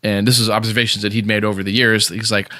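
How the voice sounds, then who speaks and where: A man hosting a podcast speaks in a low register, circling his point with ums and restarts before landing it bluntly. The sound is dry and close on the mic, with no room around it. His tone stays sarcastic and opinionated. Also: flat delivery, fast talker, bright, forceful tone, no room sound. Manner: rambling, many fillers and restarts. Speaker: podcast host. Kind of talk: casual opinionated chat.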